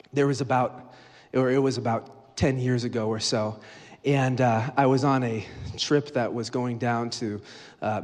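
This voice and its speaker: A man giving a sermon as a guest preacher, telling stories and acting out the dialogue with rising energy. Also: medium pitch. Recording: long hall reverb.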